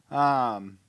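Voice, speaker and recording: A man's voice: mid-range voice, fairly bright tone, clear, resonant tone. A man hosting a comedy night, rambling and laughing between acts as he loses his train of thought. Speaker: show host. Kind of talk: emceeing between comedy sets. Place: comedy club stage.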